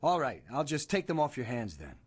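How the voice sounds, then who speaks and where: A man's voice: mid-range voice, huge pitch swings, brisk, slightly rough. An actor playing an eager, chatty male gun merchant with a pushy sales patter in a game. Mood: salesy.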